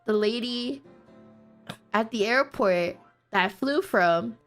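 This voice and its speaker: A woman streamer telling a story in a casual way, animated and often breaking into laughter. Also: fairly high pitch, takes it slowly, soft background music.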